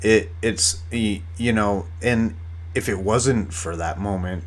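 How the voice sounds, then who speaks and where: A man's voice: fairly low pitch, slow pace. A man hosting a casual solo podcast, rambling with many fillers and restarts and swearing often. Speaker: podcast host.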